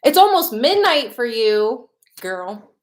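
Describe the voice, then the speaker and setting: Livestreaming from a Los Angeles home studio, this young makeup artist speaks with a Chicago accent in a slightly high, very animated voice, taking her time. She's bubbly and chatty, calling out viewers by their locations.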